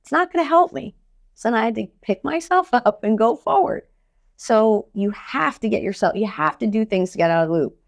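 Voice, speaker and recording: A woman mental skills coach talking in a podcast interview, energetic and blunt, telling stories with casual swearing. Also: mid-range voice, brisk, creaky.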